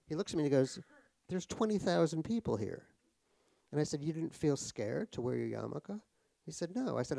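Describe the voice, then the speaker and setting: In an onstage conversation at a cultural center, an American author trades anecdotes full of wry, profane self-mockery. His medium-pitched voice is creaky and warm, with no echo.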